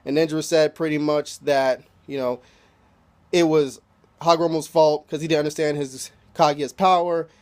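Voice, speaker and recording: A man's voice: a little high, fairly even intonation, normal speed, darkish tone. A man casually recapping an anime episode, loose and profane, packing his talk with "you know" fillers. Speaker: anime reviewer.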